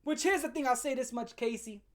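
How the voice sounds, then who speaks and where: A woman hosting a comedic commentary rant, blunt and profane with heavy slang. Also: high voice. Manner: blunt, fast-shifting, heavy swearing and slang. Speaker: commentary channel host.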